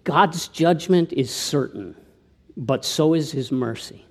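A man preaching a sermon, who tells anecdotes and often drops to a hushed tone for his appeals. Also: fairly high pitch, slow pace. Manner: tells anecdotes, with slips and restarts. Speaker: pastor.

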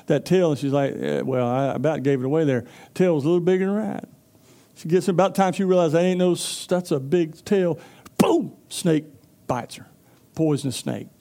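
Folksy pastor, mellow tone. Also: male voice, a little high. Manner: folksy storytelling, acts out character voices. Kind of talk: sermon.

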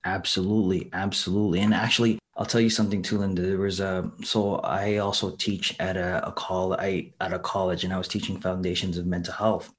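A man telling stories in casual conversation as a guest, animated and humorous, acting out what people said, with frequent restarts. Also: deep voice, fairly quick, hardly any pauses. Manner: animated, acts out quoted dialogue with humor. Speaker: guest, college instructor.

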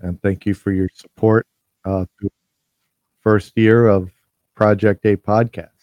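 A man with a low, mellow voice gives a casual holiday message as a podcast host. He talks haltingly, full of pauses and restarts, and sounds emotional. The recording is close and dry. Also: little pitch movement, dry recording, low-quality recording. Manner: halting, hesitant, many fillers and restarts.

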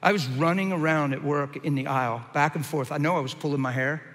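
A man preaching his testimony, moving between hushed and shouted lines with dramatic energy. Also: fairly high pitch, brisk, long reverb tail. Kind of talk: testimony sermon.

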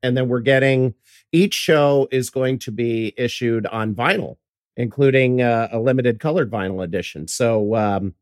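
A man's voice: mid-range voice, moderate pace, no echo, clean studio sound. Chatty man hosting a podcast. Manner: chatty, laughs while talking. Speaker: podcast host. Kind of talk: casual chat.

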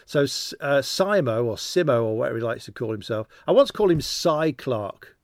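A man's voice: medium pitch, expressive, brisk, gravelly, dry recording, studio quality. A man who works as a cycling commentator, chatting casually in a rambling, anecdotal way with self-deprecating humour. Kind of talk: casual interview chat.

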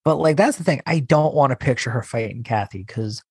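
A man's voice: medium pitch, expressive, husky, no echo. A man co-hosting a podcast in casual chat, teasing and scolding his co-host. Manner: teasing, scolding, quick to push back.

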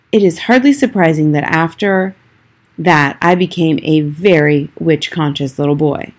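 A woman narrates a children's novel aloud, measured and steady. Her voice is husky and sits fairly low. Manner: measured storytelling, first person. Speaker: reader.

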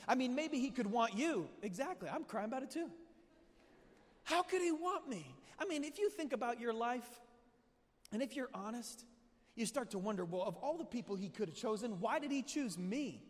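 High-voiced man preaching in a big hall. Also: animated, normal speed. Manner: emphatic, asks the crowd questions, builds to shouting. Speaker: pastor. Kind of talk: sermon. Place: large hall with audience. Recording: long hall reverb.

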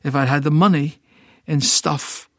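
A man's voice: fairly high pitch, fairly even intonation, unhurried, no room sound, clean studio sound. A middle-aged Scottish man telling an emotional personal testimony, stammering and repeating words as he tells it vividly. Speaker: ministry founder, guest.

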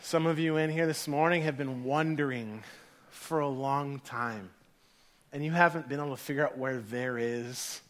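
A man in his thirties preaching a sermon as a pastor, an animated storyteller who acts out voices and laughs through his anecdotes to a congregation. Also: medium pitch, normal speed. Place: church hall before a congregation.

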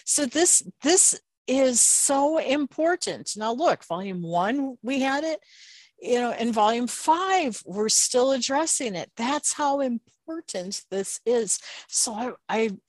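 A woman's voice: a little high, expressive, slow, no room sound. A woman hosting a podcast interview, speaking with emphatic enthusiasm. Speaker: podcast host.

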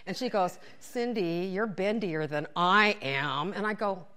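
A woman spinning a comic personal story with lots of energy. She acts out each quote in the story, sometimes in a hushed whisper, and laughs as she tells it. Her voice sits at an ordinary middle pitch for a woman. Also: a little slow. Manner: animated, acts out quotes, whispers asides, laughs while telling.

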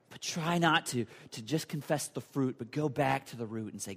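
A man preaching a sermon as pastor, earnest and building to emphatic points before turning hushed and prayerful. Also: a little high, fairly quick, few pauses, in a large hall.

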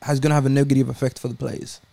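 A young adult man with an Australian accent, co-hosting a casual football podcast, talking in an animated, argumentative way. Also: medium pitch, racing, vocal fry. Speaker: podcast co-host, Liverpool fan.

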